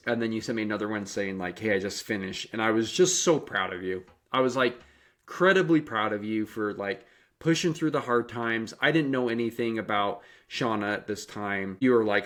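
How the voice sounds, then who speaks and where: A man's voice: fairly low pitch, fairly quick, fairly bright tone. A man hosting a podcast who also coaches the guest. He speaks earnestly and encouragingly and asks probing questions. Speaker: podcast host and running coach. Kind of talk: casual interview.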